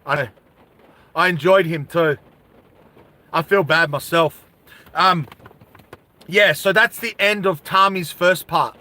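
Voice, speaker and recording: Brief: man telling a story in a casual vlog, unhurried and bright, high-pitched voice. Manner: animated, laughs, asides to viewers.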